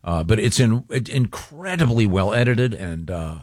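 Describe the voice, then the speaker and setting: A man hosting a morning radio show, chatting casually and plugging a cohost's special with halting fillers. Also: lowish voice, very animated, a little mellow, no echo, studio quality.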